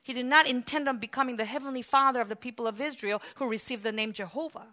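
A woman delivers a sermon in a bright, ringing voice that sits a little high. She is emphatic, climbing to loud, passionate peaks before dropping back into quieter explanation. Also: quick pace. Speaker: preacher.

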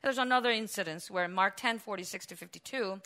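A woman preaching a sermon, telling the story with animated energy and acting out the voices in it, now and then breaking into shouts. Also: mid-range voice, fairly quick.

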